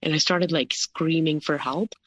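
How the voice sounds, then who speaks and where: A woman guest recounting a personal story in an interview, halting and filling her talk with "like" and "you know". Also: deep voice, no echo.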